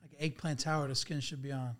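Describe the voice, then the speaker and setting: A man with a voice a little higher than most men's. He co-hosts a relaxed podcast, putting curious questions to his guest in an easygoing way. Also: fast talker. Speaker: podcast co-host. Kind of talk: casual podcast chat.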